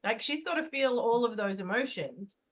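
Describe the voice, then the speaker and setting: An older woman hosting a parenting podcast, telling stories in an animated, conversational way. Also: on the high side, normal speed. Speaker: podcast host and coach.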